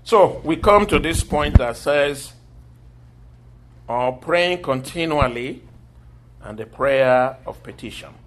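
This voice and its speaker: A man preaching a sermon, telling scripture stories with lively acted-out quotes and occasional laughter. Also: medium pitch, takes it slowly, long pauses, a little hiss or hum. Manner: animated storytelling, acting out quoted voices and laughing.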